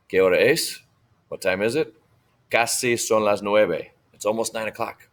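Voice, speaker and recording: Male teacher, low voice, patient, drills vocabulary for an online class. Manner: patient, repeats Spanish forms slowly for students. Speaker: Spanish teacher. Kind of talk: recorded online lesson.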